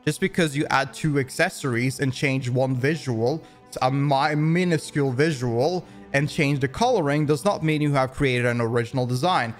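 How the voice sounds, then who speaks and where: A man's voice: mid-range voice, normal speed, few pauses, soft background music. A man giving opinion commentary, rambling along with frequent restarts and fillers. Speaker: commentary YouTuber.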